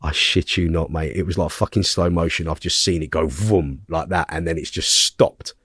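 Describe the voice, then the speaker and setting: A man's voice: rumbling low, normal speed, husky, dry recording, clean studio sound. Blunt, swearing man telling a story. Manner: blunt, heavy swearing, animated retelling; checks in with the listener with tag questions. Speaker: podcast guest. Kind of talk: casual storytelling in conversation.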